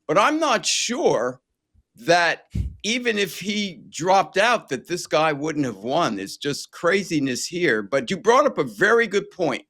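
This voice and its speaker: A man's voice: on the high side, sing-song, measured pace, bright, forceful tone. A man hosting a political interview, asking questions and making his points earnestly. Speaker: host.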